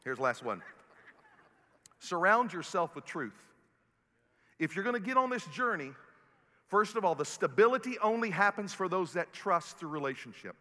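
High, bright-voiced pastor preaching in a hall. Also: male voice, sing-song, a little fast. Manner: builds to loud preaching peaks, then drops low and soft. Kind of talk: sermon. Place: church sanctuary. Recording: long hall reverb, faint music.

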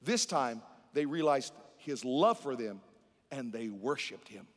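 A male pastor preaching a sermon, calling out questions to the congregation and swinging between loud emphatic lines and hushed ones. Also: mid-range voice, sing-song, unhurried. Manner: preaching with call-and-response to the congregation. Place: large church hall. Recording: long reverb of a large hall.

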